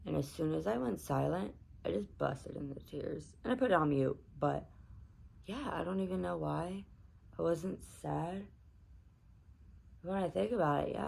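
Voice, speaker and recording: A woman's voice: deep voice, moderate pace, vocal fry, a little mellow, breathy edge, poor audio. A woman chatting casually to camera before bed, rambling and candid with lots of fillers. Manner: rambling, candid, self-talk with many fillers. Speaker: vlogger. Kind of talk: casual bedtime talk to camera.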